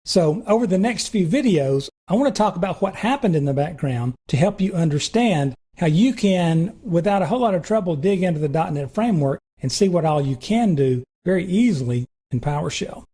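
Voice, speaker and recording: A man instructor narrating a screen-recorded programming tutorial, talking through each step in a relaxed, reassuring way. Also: high-pitched, fairly quick, hardly any pauses, breathy edge.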